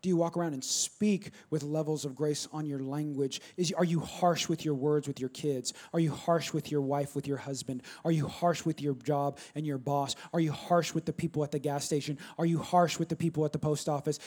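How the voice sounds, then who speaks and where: A man preaching a sermon, swinging from loud emphatic bursts to quiet low asides. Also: steady tone, brisk, hardly any pauses. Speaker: pastor.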